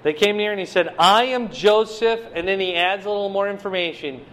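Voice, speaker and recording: A man delivers a conversational sermon teaching a Bible passage, speaking fast in a high-sitting voice. He swings animatedly between loud emphasis and quiet asides.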